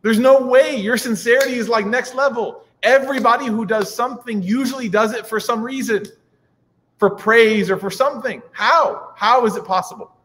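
A man's voice: sits high, fairly quick, hardly any pauses, voice pushed up, lightly acted. A man playing the caliph Omar, a big grown man, exclaiming in amazement in a reverberant hall. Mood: amazed.

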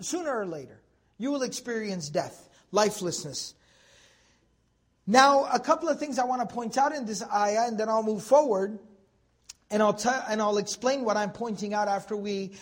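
A man teaching a Quran commentary lesson to a class, animated and joking with his students, repeating words for emphasis. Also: sits high, normal speed.

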